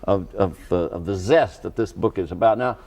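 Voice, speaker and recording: Low-voiced, deliberate TV interview host. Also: male voice, a little mellow. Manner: deliberate, hesitant with many uh and um. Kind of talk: measured TV interview.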